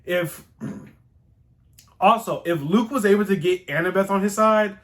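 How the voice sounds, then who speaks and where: A man casually rambling through a show recap, excitable and slangy, with some swearing. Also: high-pitched, unhurried.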